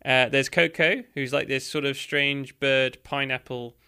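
A man's voice: medium pitch, fairly even intonation, a little slow, sharp tone, smooth. A man co-hosting a casual chat, talking enthusiastically and rambling with fillers. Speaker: podcast co-host. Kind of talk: casual chat reviewing a cartoon.

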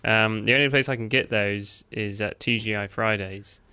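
A man's voice: fairly low pitch, fairly even intonation, moderate pace, pushed and bright, clean tone, no echo. A man in a casual chat, eager and easily impressed.

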